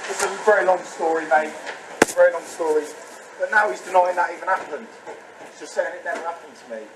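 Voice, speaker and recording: A man's voice: fairly high pitch, steady tone, fast. A man, talking bluntly and swearing heavily in a confrontational way. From England. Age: 30s. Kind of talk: secretly recorded argument and chat. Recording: noisy hidden recording.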